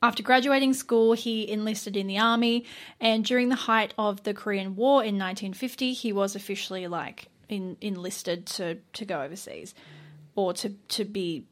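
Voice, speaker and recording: Young woman, podcast co-host, casual chat, laughs and swears, middle pitch. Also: moderate pace.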